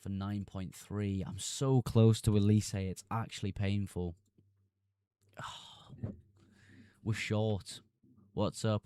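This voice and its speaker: A man's voice: lowish voice, mellow, dry recording, clean studio sound. A young man streaming live, reading chat messages aloud and answering them casually.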